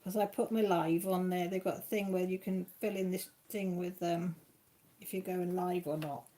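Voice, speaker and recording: A woman's voice: lowish voice, fairly even intonation, normal speed, dark tone. A woman chatting casually to viewers by name on a crafting live stream at home, rambling from one thing to the next.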